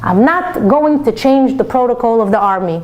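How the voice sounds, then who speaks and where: A woman voicing an angry, stern army general who shouts and gives orders. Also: on the high side, expressive, normal speed, dull audio, close to an everyday voice. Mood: lecturing. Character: furious army general, older man.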